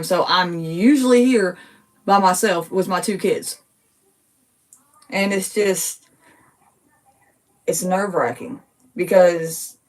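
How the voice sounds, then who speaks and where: A woman in her thirties talking casually to viewers from her home, emotional and quick to get worked up, repeating herself as she talks. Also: medium pitch, distant mic. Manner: emotional, gets worked up, rapid and repetitive. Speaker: TikTok creator. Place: her home living room.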